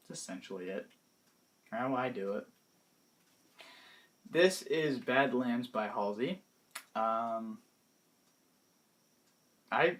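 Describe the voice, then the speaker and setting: A young man in his late teens casually talking through his favorite music in a vlog, hesitant and pausing often, his words trailing off softly. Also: medium pitch, a little hiss or hum. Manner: hesitant, many pauses and restarts, trailing off softly. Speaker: vlogger.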